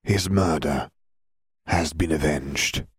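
A man voicing a cold, calm male dark wizard who speaks in a soft whisper. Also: rumbling low, slow, slightly rough, no echo, studio quality, exaggerated voice.

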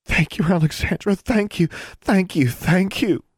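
A man's voice: a little high, expressive, moderate pace, a little mellow, no room sound, studio quality, pitched above the performer's own voice. A man voicing a breathless, fussing older sister. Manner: breathless, bossy.

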